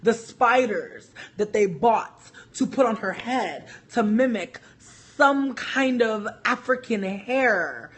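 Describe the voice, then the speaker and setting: A man's voice: high voice, expressive, takes it slowly, hardly any pauses, fairly bright tone, slightly rough. A man giving a heated, profane opinion rant to camera as a vlogger, repeating himself as he vents.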